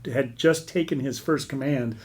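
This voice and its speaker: A man's voice: medium pitch, normal speed. Earnest middle-aged man telling stories. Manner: earnest, rambling, repeats words. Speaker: veteran charity leader. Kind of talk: casual interview storytelling.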